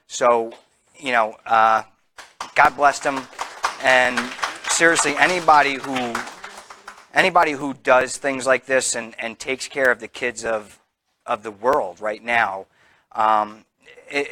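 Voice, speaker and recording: A man from New Jersey giving an earnest campaign speech to a local gathering, halting often with fillers and restarts. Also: medium pitch, sharp tone, no room sound. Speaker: political candidate.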